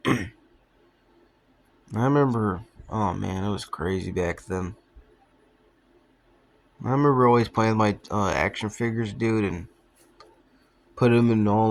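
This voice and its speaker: Profane rambling young man. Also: lowish voice. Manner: profane, offhand, laughs at his own stories. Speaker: vlogger. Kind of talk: rambling casual storytelling.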